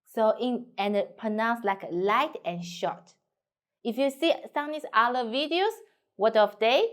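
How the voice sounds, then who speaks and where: Slow, singsong Chinese-accented woman teacher. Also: on the high side. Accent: Mandarin Chinese. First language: Mandarin Chinese. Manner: models tones in a singsong way, simple broken English. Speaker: language teacher. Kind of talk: slow explanatory lesson.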